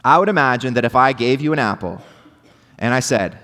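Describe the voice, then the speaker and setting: A young adult man preaching a sermon as pastor, earnest, with rhetorical questions, dropping to hushed tones and rising to emphatic points. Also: mid-range voice, expressive, brisk. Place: church hall. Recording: long hall reverb.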